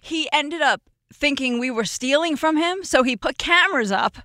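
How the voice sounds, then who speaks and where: Guest role: woman in her 40s, bright and tense voice, emotional storyteller, dry close studio sound. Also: high-pitched, expressive, moderate pace, no echo. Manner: emotional, laughs often, tells stories with quoted dialogue. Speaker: podcast guest, former roommate. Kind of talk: casual storytelling chat.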